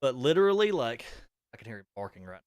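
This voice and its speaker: A man's voice: medium pitch, very animated, fast, a little mellow, clear, resonant tone, dry recording. A young man streaming a horror game live, chatting and rambling between startled yelps and swearing. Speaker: gaming streamer. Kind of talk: live horror gameplay commentary.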